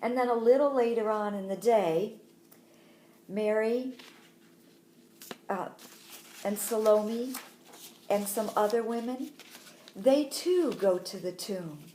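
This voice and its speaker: A woman teaching a Sunday school lesson for children, telling a Bible story slowly and expressively. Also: mid-range voice, mellow, reverberant, slight background noise.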